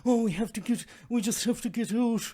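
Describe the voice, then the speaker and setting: A man doing a comic impression of a fretful Irish mother herding her children, in a high, sing-song put-on Irish lilt. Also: a little fast, warm tone, slightly rough. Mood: anxious.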